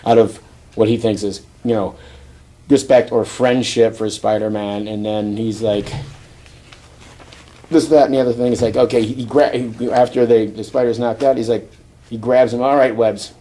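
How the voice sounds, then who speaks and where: Mellow-voiced man rambling through a comic review. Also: mid-range voice, fairly even intonation, moderate pace. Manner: rambling, acts out quotes, chuckles often. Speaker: podcast host. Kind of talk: casual comic book review chat.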